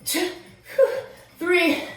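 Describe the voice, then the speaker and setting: A woman instructor coaching a workout, energetic, counting down reps and chatting between moves, out of breath. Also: extremely slow. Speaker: fitness instructor. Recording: roomy echo, distant mic, music behind.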